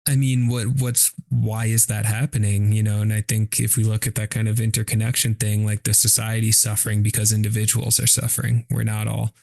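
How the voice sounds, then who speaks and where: Gravelly low-voiced man chatting on a podcast. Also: little pitch movement, brisk, few pauses, a little mellow, no room sound, clean studio sound. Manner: thoughtful, loose, lots of "like" and "you know". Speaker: podcast co-host. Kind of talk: casual philosophical chat.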